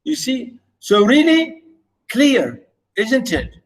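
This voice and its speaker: A man's voice: extremely high pitch, huge pitch swings, slow, poor audio. A male teacher giving an online literature lesson, patiently repeating words and chanting stress patterns.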